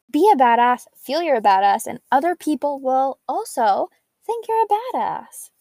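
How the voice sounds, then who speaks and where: Her high, slightly mellow voice comes through in studio quality with no room sound. A young woman, she candidly shares her recovery story in an upbeat, chatty way, dropping "like" again and again.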